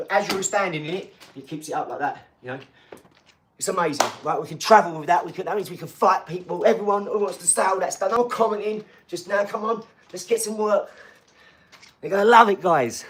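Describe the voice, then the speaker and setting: A man's voice: high-pitched, a bit bright, a little hiss or hum. A man chatting casually and slangily to viewers on a live stream from a garage gym. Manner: chatty and slangy, talking straight to the chat.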